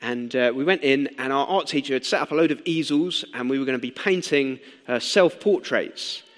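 A man's voice: medium pitch, normal speed. Man preaching in an echoing hall. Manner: conversational, animated storytelling with rhetorical questions. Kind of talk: sermon. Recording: long hall reverb.

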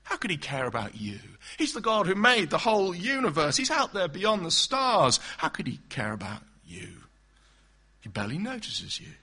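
A man's voice: high-pitched, huge pitch swings, moderate pace, pushed and bright, breathy edge, heavily acted. A man voicing a sly male serpent who tempts with wheedling, mocking questions. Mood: taunting.

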